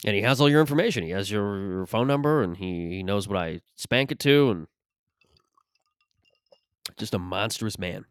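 A man with a low voice rambles through a casual comedy podcast monologue, swearing freely and restarting his sentences. He sounds slightly short of breath. The recording is dry, with no room echo. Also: lively intonation, moderate pace, long pauses, smooth. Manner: profane, rambling, restarts often. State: short of breath after an allergic reaction. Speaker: podcast host and stand-up comic.

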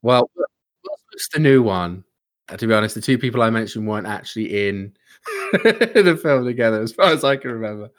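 A man's voice: lowish voice, lively intonation, moderate pace. A man co-hosting a casual podcast, teasing and laughing with his friends. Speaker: podcast co-host. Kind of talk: casual late-night podcast banter.

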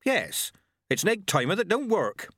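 A man's voice: sits high, huge pitch swings, normal speed, dry recording, studio quality, voice pushed up, full character voice. A man doing a feisty old country witch woman. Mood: chatty. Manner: folksy rustic grammar, sharp and feisty.

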